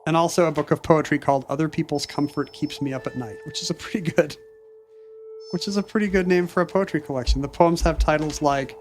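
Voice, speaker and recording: A man's voice: fairly high pitch, fairly quick, slight background noise. A man co-hosting a podcast in casual chat, reading listener mail with dry asides. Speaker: podcast co-host.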